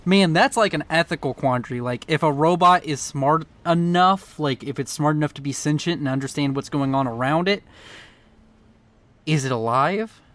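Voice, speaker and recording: A man casting a strategy game in casual live commentary, his throat sore from yelling, rambling excitably and stumbling over words. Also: a little high, moderate pace. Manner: swears casually, drifts off topic. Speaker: game caster.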